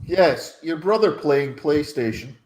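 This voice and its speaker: A man's voice: on the high side, expressive, unhurried, a little mellow, echoey room, poor audio. A man chatting on a video call, making dry, wry remarks. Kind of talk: casual chat.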